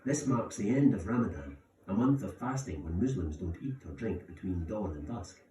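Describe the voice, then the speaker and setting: A man narrating a documentary in a measured, scripted way. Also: low voice, expressive, mellow, slight background noise. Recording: roomy sound, distant from mic, music bed.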